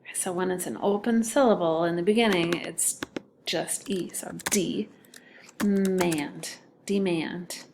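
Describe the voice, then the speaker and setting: A woman's voice: lowish voice, moderate pace, background noise. A woman teacher giving a phonics lesson to second graders, patient and sounding out letters and syllables.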